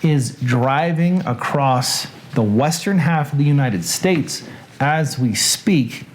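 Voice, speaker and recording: A man with a Southern US accent hosts a relaxed livestream, drifting through asides and self-corrections. He talks at an unhurried, drawn-out pace in a mid-range voice, with a faint hiss of noise behind him. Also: mid-range voice. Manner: rambling, chatty, restarts and asides. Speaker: host. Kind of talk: casual livestream chat.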